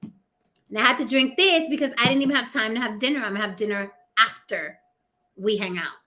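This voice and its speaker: Sassy, blunt host with a New York accent; bright, fairly high woman's voice, casual and profane. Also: fairly quick. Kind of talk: casual livestream chat.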